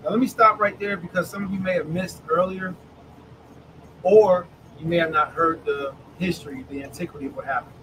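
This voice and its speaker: A man preaching in an online Bible study, reading scripture slowly and calling on listeners by name. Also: fairly high pitch, fairly even intonation, a bit bright, slight background noise, poor audio.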